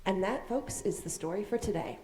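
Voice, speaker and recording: Animated woman telling kids a story. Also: medium pitch, brisk. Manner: animated, asks questions, acts out voices. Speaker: children's message leader. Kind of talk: children's sermon, storytelling to kids. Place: church sanctuary. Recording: echoey sanctuary.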